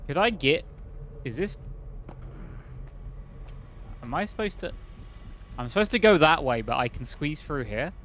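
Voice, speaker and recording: A man's voice: a little high, animated, unhurried, long pauses, a bit bright, slight background noise. A man streaming a video game, thinking aloud and rambling in casual commentary with many fillers.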